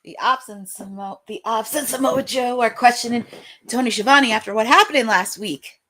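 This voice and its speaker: A young woman hosting a live watch-along, chatting and reacting excitedly with frequent laughs. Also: a little high, normal speed.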